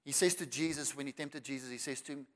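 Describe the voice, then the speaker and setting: A South African man preaching a sermon with emphasis, repeating words for effect and building to loud declarations. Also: mid-range voice, fast talker. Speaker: pastor. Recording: long reverb of a large hall.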